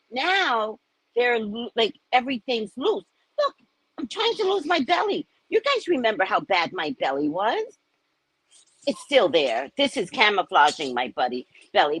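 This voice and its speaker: This woman, a live host and psychic in her sixties, talks to her audience in a chatty, lively manner, voicing the characters she quotes. She has a slightly rough, mid-range voice, and the poor-quality recording carries no room sound.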